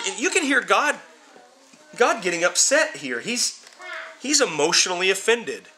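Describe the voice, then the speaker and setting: A man's voice: high-pitched, very animated, normal speed, pauses often, pushed and bright, faint music behind. A man teaching a Bible class, talking to his students informally and repeating words as he drives home each point. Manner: emphatic, repeats words while building points; addresses students informally as guys.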